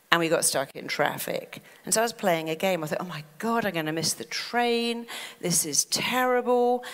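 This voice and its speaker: A woman gives a motivational talk on stage, with a fairly low voice. She plays out the voices people use on themselves, and a long reverb from the hall trails each line. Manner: animated, acts out quoted inner voices. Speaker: speaker.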